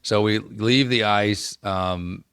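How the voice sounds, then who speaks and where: A man's voice: fairly low pitch, slow, a bit bright, clean tone, no room sound, clean studio sound. A man co-hosting a podcast, animatedly telling a story, laughing often and acting out quotes. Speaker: podcast co-host. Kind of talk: casual storytelling chat.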